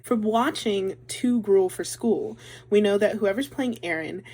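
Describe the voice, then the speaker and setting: A woman's voice: mid-range voice, measured pace, a little mellow, breathy edge. A young woman gushing about a musical in a casual vlog, chatty and full of "like". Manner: chatty and gushing, says "like" a lot. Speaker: vlogger.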